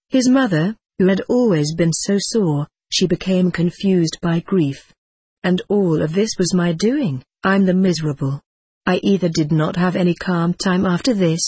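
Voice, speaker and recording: Husky, measured audiobook narrator. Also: mid-range voice, a little mellow, no room sound. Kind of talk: scripted narration.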